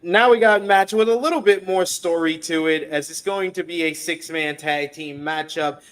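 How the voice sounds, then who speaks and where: This is a man with a voice a bit higher than most, talking in a loose, casual live-stream style. He runs through the match card and reads chat messages aloud in a chatty, upbeat way. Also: normal speed, fairly bright tone, clear, resonant tone. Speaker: podcast co-host previewing wrestling card.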